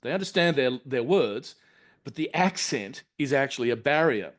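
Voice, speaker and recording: Measured male academic lecturer. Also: medium pitch, expressive. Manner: measured, articulate, explanatory. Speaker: university lecturer. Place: lecture room.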